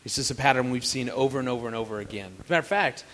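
A man's voice: medium pitch, rapid-fire. A man in his forties teaching couples about marriage with an earnest, building delivery. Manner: earnest, builds to animated storytelling. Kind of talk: teaching to a live group.

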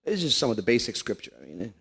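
A man in his fifties preaching a lively, joking sermon to a congregation in a church. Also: mid-range voice, fast talker, gravelly, slightly rough. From Canada. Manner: animated, joking, playful put-on voices.

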